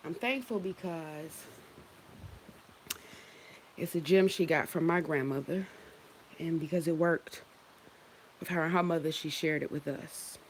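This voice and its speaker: A woman's voice: low voice, unhurried, long pauses, slight background noise. A woman hosting a casual spiritual livestream, talking in a loose, heartfelt, profane way, often stopping and starting again. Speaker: livestream host.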